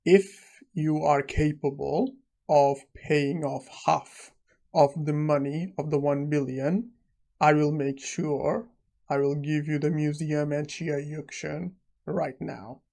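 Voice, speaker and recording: A man's voice: fairly high pitch, fairly even intonation, slow, creaky, warm tone. A man voicing a pushy middle-aged father who bargains over a deal.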